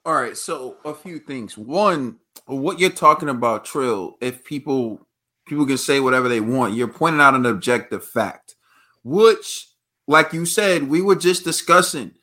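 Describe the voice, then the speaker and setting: Bright-voiced man laying out his argument. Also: medium pitch, animated. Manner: measured, argues point by point. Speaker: podcast co-host. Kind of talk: casual boxing chat.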